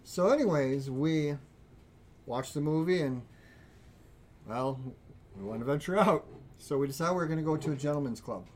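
A man's voice: on the high side, normal speed, pauses often, slight background noise. A man hosting a podcast, telling a long party story in a rambling way and laughing as he goes. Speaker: podcast host. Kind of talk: casual storytelling chat.

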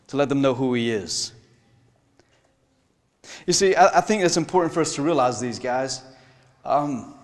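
A man preaching a sermon in an animated way, laughing often and acting out the people in his stories. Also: medium pitch, big-room sound. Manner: animated, laughing, acts out voices in quotes.

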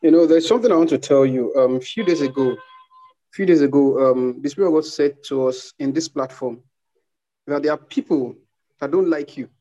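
A man hosting an online prayer meeting, calm and measured as he responds and speaks to the group. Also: fairly high pitch. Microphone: online call mic. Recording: dull lo-fi online call audio.

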